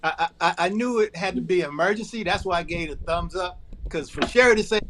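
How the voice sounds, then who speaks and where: High-voiced man joking at himself. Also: brisk, heavy background noise. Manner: self-deprecating and joking. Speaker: guest co-host. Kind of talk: casual comedic chat.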